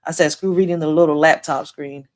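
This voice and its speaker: A woman's voice: deep voice, fairly even intonation, fairly quick. A woman hosting a casual live story time, talking bluntly to her viewers in streetwise slang and swearing freely. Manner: blunt, profane, streetwise talk with repeated "yo" and "like". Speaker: livestream host.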